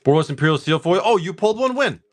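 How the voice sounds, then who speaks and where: A man's voice: fairly high pitch, big pitch swings, very fast. A man hosting a live card-pack opening stream, chatting casually with viewers and swearing freely. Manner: loose and talkative, swears casually, talks to chat.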